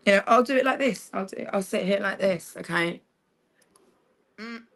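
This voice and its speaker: A woman's voice: mid-range voice, moderate pace, fairly bright tone. A woman livestreaming a rambling personal monologue, sardonic and swearing freely as she jumps between topics.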